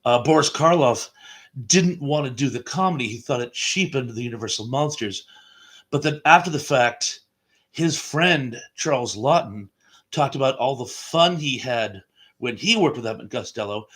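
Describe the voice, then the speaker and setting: A man of average pitch hosts a casual live video chat. He talks loosely and warmly, reading viewer comments aloud and chuckling between them.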